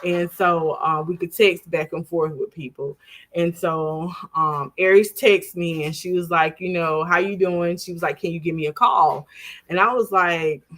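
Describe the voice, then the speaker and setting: A woman in her forties, a guest on an interview, tells a personal story in a lowish voice at a normal speed. She is animated, laughs as she goes, and acts out the voices of the people she quotes.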